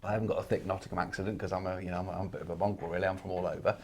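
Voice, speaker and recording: A man's voice: low-pitched, level tone, very fast, a little mellow, slightly rough. An English man co-hosting a casual property talk show, rambling and restarting as he tells stories. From England. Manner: rambling, repeats words and restarts, storytelling. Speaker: property investment podcast co-host. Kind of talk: casual chat.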